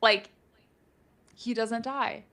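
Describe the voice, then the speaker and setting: A woman's voice: fairly high pitch, steady tone, very slow, a bit bright. Chatty woman co-hosting a book chat. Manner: speculative, chatty, many "like" fillers. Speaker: book discussion co-host. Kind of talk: casual live book chat.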